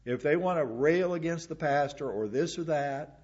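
A man's voice: normal speed, darkish tone, breathy edge, highs cut off. Man preaching with repeated emphasis. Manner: repeats words for emphasis, drops to low asides. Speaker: pastor. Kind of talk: sermon.

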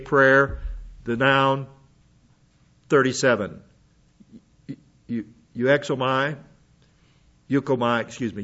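A man's voice: mid-range voice, fairly bright tone, highs cut off. A man teaching a Bible lesson in sermon style, working through word studies with frequent restarts. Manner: methodical, works through Greek word lists with restarts.

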